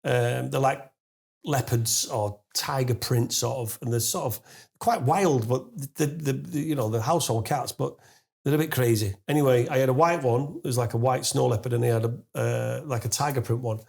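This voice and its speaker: A middle-aged Englishman, a guest on a podcast, tells a rambling, lively story at a moderate pace with some vocal fry. He trips over his words, filling gaps with fillers and restarts and swearing casually, and when he reaches the unbelievable bit his voice shoots up in pitch and volume into loud, laughing disbelief.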